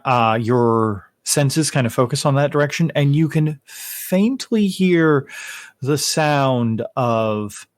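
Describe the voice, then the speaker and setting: A man narrating as game master, unhurried, with frequent fillers and self-corrections. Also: medium pitch, no room sound, studio quality.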